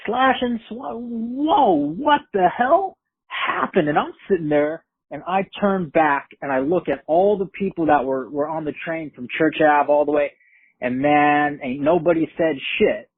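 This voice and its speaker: A man spins a profane, streetwise tale with animated energy. His voice sits a bit high and comes out husky. It sounds dry and tinny, like a phone line. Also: normal speed, dry recording. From Brooklyn, New York. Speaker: storyteller. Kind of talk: casual spoken storytelling.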